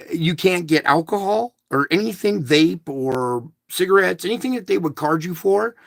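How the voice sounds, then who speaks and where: A man's voice: fairly high pitch, creaky, fairly bright tone, no room sound. A man in his fifties talking to his viewers in a rambling, emphatic rant, often checking in with "okay?". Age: 50s. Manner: emphatic, ranting, addresses listeners with "okay?". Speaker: vlogger.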